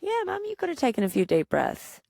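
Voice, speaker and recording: Woman doing a high, pleading little kid. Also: wildly swooping pitch, fairly quick, vocal fry, a little mellow, no echo, studio quality, exaggerated voice. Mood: agreeable. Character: young child explaining, flustered.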